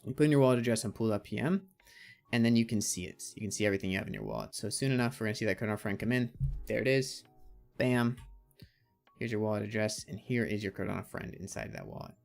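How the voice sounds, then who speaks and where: A man's voice: on the low side, expressive, fast, creaky, a little mellow, soft background music. A man hosting a casual crypto livestream, chatting and reading out viewer comments and answering them. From Canada.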